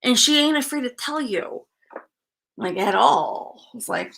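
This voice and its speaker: A woman talks through a spirit reading at an unhurried pace. Her voice sits a little high and rings bright. She hesitates and restarts often, filling gaps with fillers, and stays frank with easy laughs. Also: expressive. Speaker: psychic medium.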